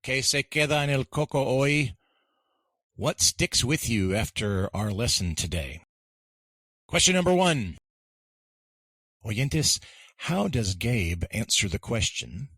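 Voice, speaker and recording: A man co-hosting an English lesson podcast, explaining grammar deliberately and leading pronunciation drills. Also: medium pitch, very animated, fairly bright tone, slightly rough, no room sound. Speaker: podcast co-host and English teacher.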